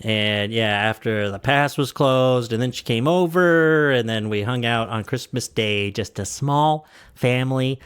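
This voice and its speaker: A man's voice: mid-range voice, measured pace, fairly bright tone, clean tone. A man co-hosting a casual podcast chat, rambling and laughing often at his own jokes. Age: adult parent. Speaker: podcast co-host.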